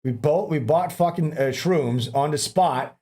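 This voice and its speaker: A man's voice: fairly high pitch, measured pace, mellow. A man hosting a livestream, telling a long story in a rambling, profane way, laughing often and acting out what people said. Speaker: livestream host. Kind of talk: casual storytelling chat.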